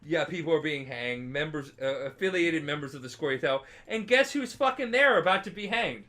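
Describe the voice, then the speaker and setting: Tipsy guy with a bright fairly high voice, rambling and cursing through a game story. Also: expressive, a little fast. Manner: rambling, swears a lot, acts out characters in loud voices. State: drunk. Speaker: podcast co-host explaining a video game. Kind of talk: casual drunk storytelling.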